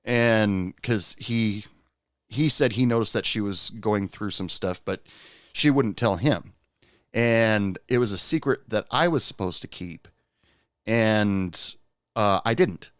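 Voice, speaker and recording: A man's voice: fairly low pitch, slow pace, smooth, no echo, studio quality. A man hosting a podcast, telling a personal story in a candid, rueful, conversational way. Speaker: podcast host.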